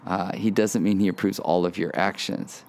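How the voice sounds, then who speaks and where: A middle-aged man preaching a sermon, animated, acting out childlike boasting in a raised voice. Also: deep voice, moderate pace. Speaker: pastor.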